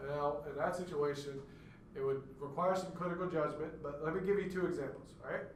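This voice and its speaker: A man's voice: a little high, brisk, fairly bright tone, slight background noise. A man giving a classroom lecture, explaining step by step and acting out stuttered words to demonstrate. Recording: echoey room, mic far off.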